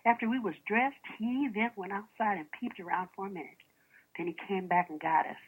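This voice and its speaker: A woman's voice: medium pitch, a little fast, background noise. A woman preaching a sermon, asking the congregation questions and reading old first-person accounts aloud as stories. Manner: animated, with rhetorical questions to the congregation. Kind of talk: sermon with storytelling.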